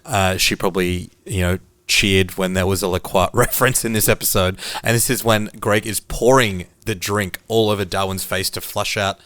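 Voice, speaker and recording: A man's voice: fairly low pitch, a bit bright, no room sound. A man co-hosting a television recap podcast in an enthusiastic casual chat, chuckling often. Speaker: podcast co-host.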